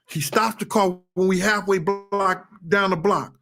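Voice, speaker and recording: High-pitched man, animated storyteller in a casual interview, bursts into shouted quotes. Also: unhurried, hardly any pauses. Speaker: interview guest.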